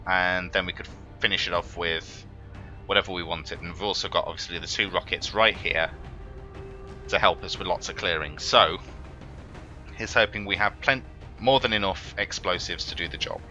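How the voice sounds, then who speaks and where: A man's voice: low-pitched, moderate pace, pushed and bright, highs cut off, faint music behind. A man commentating his own strategy game run, swearing and prone to exasperated outbursts. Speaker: gaming let's player. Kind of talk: let's play commentary.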